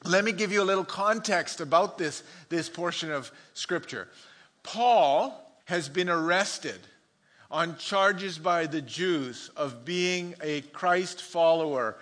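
A man delivering a sermon, his voice pitched high and bright. He tells jokey stories between scripture points and laughs easily at his own punchlines. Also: takes it slowly. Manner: chuckles often, storytelling asides. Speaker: pastor. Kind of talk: sermon with humorous anecdotes.

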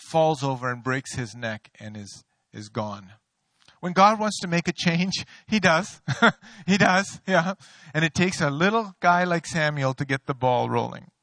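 Guy preaching, bright voice, kinda high, cracks himself up telling stories. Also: dry recording. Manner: animated storyteller, self-mocking jokes, laughs often. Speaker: pastor. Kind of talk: sermon with storytelling. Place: church sanctuary.

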